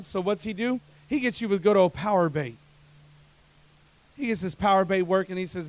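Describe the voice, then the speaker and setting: A man preaching as a pastor, moving from hushed, confiding passages to loud, climbing exhortations. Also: high-pitched, expressive, normal speed, pauses often. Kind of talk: sermon.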